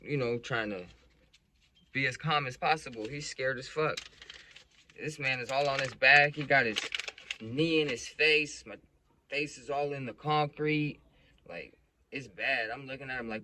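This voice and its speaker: A man's voice: medium pitch, normal speed, pushed and bright, a little hiss or hum, rough recording. A young man outdoors at an apartment complex, telling a story in a slangy, profane, laid-back way. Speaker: storyteller vlogger. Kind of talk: casual storytime vlog.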